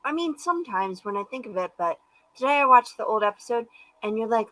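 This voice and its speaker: A woman's voice: fairly high pitch, expressive, brisk, fairly bright tone, no room sound, low-quality recording. A woman banters as co-host on a live web show. She tells little stories in a playful, giggly, casual way.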